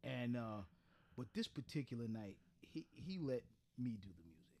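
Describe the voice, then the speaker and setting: A man co-hosting a podcast in casual chat, reacting loudly and laughing often. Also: mid-range voice, very animated, normal speed. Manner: reactive, laughs a lot, loud exclamations. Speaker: podcast co-host.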